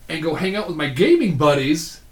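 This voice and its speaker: A man's voice: a little high, sing-song, brisk. A middle-aged man, a podcast guest, telling rambling, profane stories in casual chat and laughing through them. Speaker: podcast guest, younger brother. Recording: roomy echo, faint hiss.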